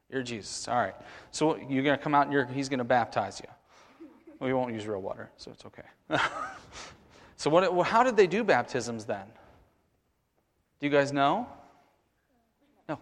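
A man's voice: a little high, a bit bright. A man leading a children's message at a church service, coaxing the kids through a skit and a short prayer. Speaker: children's sermon leader. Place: church sanctuary. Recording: long church reverb.

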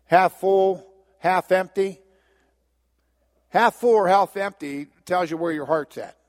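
A middle-aged man preaching a sermon, telling the story in an animated way and often repeating "and, and". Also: high voice, unhurried. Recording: long hall reverb.

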